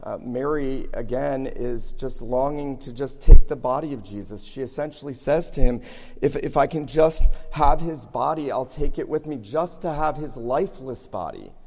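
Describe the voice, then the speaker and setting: A man's voice: medium pitch, lively intonation, normal speed, a little mellow, soft background music. A pastor preaching a sermon, a man with a somewhat scratchy voice who builds earnestly to emphatic peaks. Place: church sanctuary. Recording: long hall reverb.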